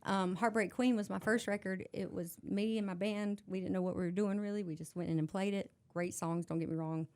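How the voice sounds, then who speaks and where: A woman's voice: mid-range voice, steady tone, brisk, few pauses, darkish tone. A woman singer with a Southern US accent, tipsy and chatting as a podcast guest, laughing often and swearing freely. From North Carolina, US. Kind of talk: casual chat.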